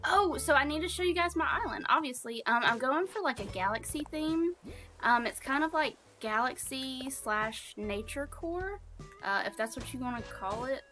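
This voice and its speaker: A woman's voice: high voice, lively intonation, normal speed, pushed and bright, faint music behind. A young woman from Alabama with a Southern accent, chatting casually with her livestream viewers, full of ums and likes. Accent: Southern American (Alabama). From Alabama, USA. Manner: chatty, reads chat aloud, many ums and likes. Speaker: streamer. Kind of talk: casual gameplay livestream chat.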